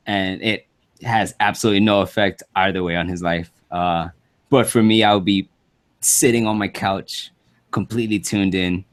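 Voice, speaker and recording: A man co-hosting a podcast, chatting casually in an easygoing way and laughing along. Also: fairly low pitch. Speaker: podcast co-host. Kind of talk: casual chat.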